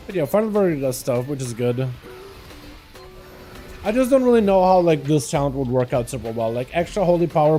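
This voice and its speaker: A man's voice: on the high side, warm tone. A man hosting a livestream, talking casually through his gameplay and greeting viewers by name. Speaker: livestream host. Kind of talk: casual live gameplay commentary.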